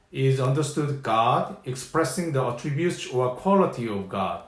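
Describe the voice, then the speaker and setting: A man with a Korean accent, a native Korean speaker, teaching a Bible lesson in English, explaining slowly and repeating key phrases. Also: mid-range voice, echoey room. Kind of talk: scripture teaching talk.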